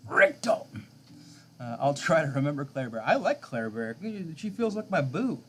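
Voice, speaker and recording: A man's voice: mid-range voice, big pitch swings, moderate pace, slight background noise. A man streaming a game live late at night, rambling casually and answering viewers' chat.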